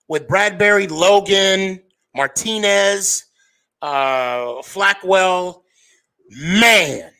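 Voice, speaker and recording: A man's voice: sits high, drawn-out words, pushed and bright. Chatty man hosting a sports stream. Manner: rambling, chatty, frequent fillers and restarts. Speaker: sports podcast host. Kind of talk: casual live-stream sports talk.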